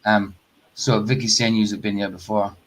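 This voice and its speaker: A man's voice: lowish voice, little pitch movement, moderate pace, a crowd in the background, poor audio. A man hosting a live stream, chatting casually, swearing lightly and greeting viewers by name. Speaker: livestream host.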